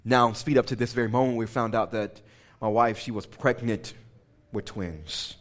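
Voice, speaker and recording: A man delivers a sermon in a church sanctuary, his pitch sitting in an ordinary middle range. He tells a personal story with animated asides, often turning to ask the congregation questions. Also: moderate pace. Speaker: pastor.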